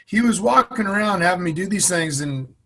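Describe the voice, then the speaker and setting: Animated man, lively storyteller. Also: sits high, a little fast. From Massachusetts. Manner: animated storyteller, acts out voices. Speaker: guest. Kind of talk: storytelling interview.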